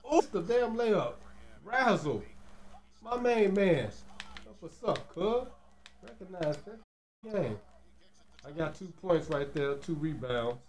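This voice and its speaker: A man giving loose, slangy, excitable commentary over a basketball video game, peppering his talk with casual fillers. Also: high-pitched, slow pace, long pauses, roomy sound. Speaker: gaming commentator.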